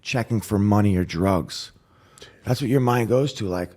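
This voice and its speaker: A man guest on a podcast, telling his recovery story with animated storytelling, acting out voices and dropping to a whisper at grim moments. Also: fairly low pitch, moderate pace, creaky. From New York. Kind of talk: emotional storytelling.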